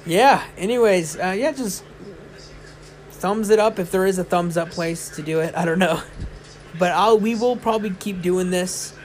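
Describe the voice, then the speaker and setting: A man's voice: high voice, measured pace. A tired young man hosting a casual solo podcast late at night. He talks in a rambling, chatty way with many fillers. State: tired, yawning. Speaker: podcast host. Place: indoors, lying in bed.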